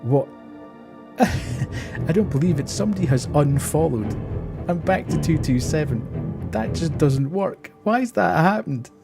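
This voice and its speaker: A man's voice: on the high side, lively intonation, measured pace, pauses often, over music. A man, streaming and telling an exasperated story in casual chat while laughing often.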